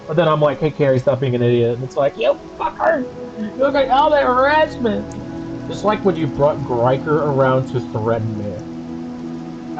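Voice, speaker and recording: A man's voice: medium pitch, lo-fi sound. Angry profane man ranting on stream.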